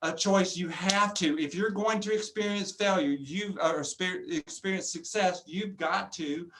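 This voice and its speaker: A man giving a motivational keynote talk as a professional speaker, animated and jokey, acting out customers in funny voices. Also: high voice, a little slow, noisy background.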